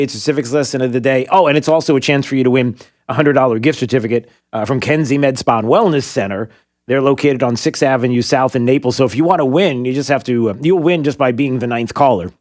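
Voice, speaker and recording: A man's voice: medium pitch, a little mellow, no echo. A man hosting a talk radio show, chatting in a rambling, self-amused way from a studio microphone.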